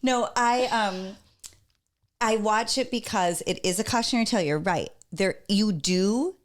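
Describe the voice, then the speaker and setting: A woman co-hosting a podcast, chatting candidly and telling stories in a lively way. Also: mid-range voice, unhurried. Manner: chatty, candid, animated storytelling. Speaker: podcast co-host. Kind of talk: casual chat.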